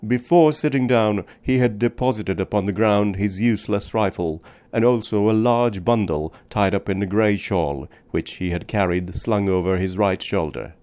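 A man narrating a book in a measured, deliberate reading. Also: fairly low pitch, a little mellow. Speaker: audiobook narrator. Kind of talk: scripted narration.

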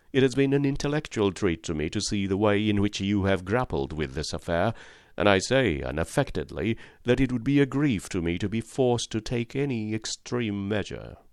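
A man doing a soft, precise, menacing mastermind. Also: lowish voice, no echo, studio quality, voice pushed up. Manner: quietly threatening, courteous. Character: soft-spoken older male criminal mastermind, menacing. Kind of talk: audiobook reading.

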